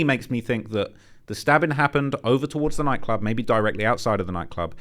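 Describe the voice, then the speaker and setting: A man hosting a commentary channel, reacting to footage in an animated, speculative, blunt and slangy way. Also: mid-range voice, quick pace.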